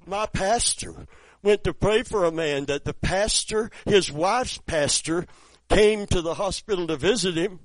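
A man preaching with a voice pitched a little high for a man. He moves from hushed storytelling to loud, fervent exclamations. The sound is close and dry, with almost no room echo. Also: unhurried. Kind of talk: sermon.

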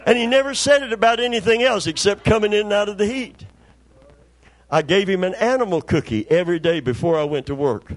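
High-voiced man telling a folksy sermon story. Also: no echo. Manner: repeats words for emphasis. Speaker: pastor.

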